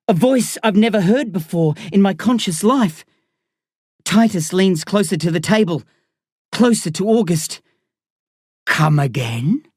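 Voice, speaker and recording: A woman's voice: medium pitch, a little slow, darkish tone, slightly rough, no room sound, studio quality. A woman narrating a novel in the first person, with an intense, dramatic delivery. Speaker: audiobook narrator.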